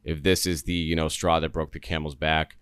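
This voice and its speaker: Deep-voiced man, earnest rambling commentary. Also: little pitch movement, fairly quick, a bit bright, clear, resonant tone, dry recording, clean studio sound. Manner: earnest, rambling, many fillers and restarts. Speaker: podcast host. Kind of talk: solo commentary.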